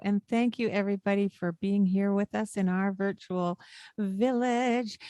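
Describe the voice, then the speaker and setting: A woman's voice: mid-range voice, no echo. A woman co-hosting a parenting podcast, coaching in a casual chat and acting out what to say to a child. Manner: warm, coaching tone with acted-out lines to a child.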